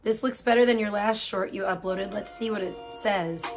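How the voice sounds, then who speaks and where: A woman's voice: mid-range voice, normal speed, loud music behind the voice. A woman hosting a casual livestream from her home, chatting in a rambling way with many fillers and restarts. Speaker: livestream host. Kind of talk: casual chat. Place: room at home with cats.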